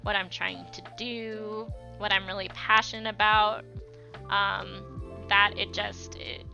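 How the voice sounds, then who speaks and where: A woman's voice: medium pitch, flat delivery, slow pace, creaky, pushed and bright. A young woman chatting casually with viewers on an art livestream while she draws, thanking them by name and using many fillers. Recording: slightly dull lo-fi stream audio, faint music.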